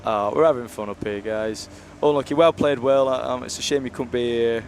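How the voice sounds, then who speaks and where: A man's voice: mid-range voice, moderate pace, a little mellow, a little hiss or hum. A young man commentating live on a university ice hockey stream, chatty and jokey as he rambles between games.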